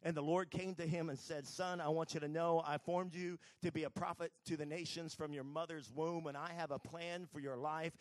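A man's voice: a little high, fairly even intonation, moderate pace, few pauses. A man delivers a sermon in a slightly raised voice, retelling Bible stories and acting out the characters as he goes. The sound is dry and close, with no room echo. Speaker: preacher.

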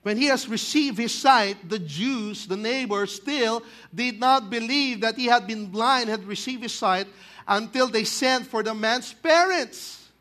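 A Filipino-accented male pastor preaches with lively energy, jumping into loud exclamations as he acts out the story. His voice sits high for a man and rings bright and forceful. He slips between English and Tagalog as he talks. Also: unhurried. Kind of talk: sermon.

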